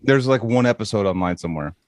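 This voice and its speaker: A man's voice: on the low side, animated, fast, dry recording, studio quality. A man guest on a podcast telling a story in casual chat, rambling with lots of "like" and heavy swearing.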